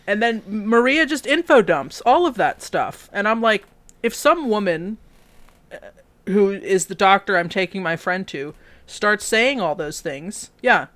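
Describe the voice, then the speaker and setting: A woman's voice: medium pitch, measured pace. A woman co-hosting a podcast, casually retelling a film's plot and quoting characters in voices. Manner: animated storytelling, quotes characters in voices. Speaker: podcast co-host. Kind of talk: casual movie recap chat.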